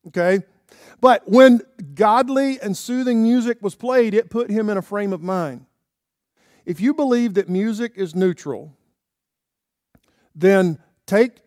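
A man's voice: sits high, darkish tone, no room sound, studio quality. A man preaching a sermon in church, talking conversationally and checking in with "okay?" and "right?". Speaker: pastor.

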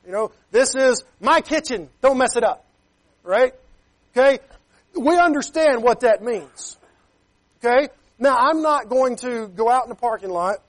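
A man preaching a sermon as a pastor. He talks emphatically, keeps checking with "Okay?", and reads scripture in King James wording. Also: very high-pitched.

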